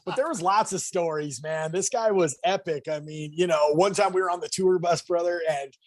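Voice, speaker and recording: High-pitched comedian dude telling wild road stories, acts out everyone, dry close sound. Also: male voice, normal speed, dry recording. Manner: animated, acts out quotes. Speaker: comedian guest. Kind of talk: podcast storytelling.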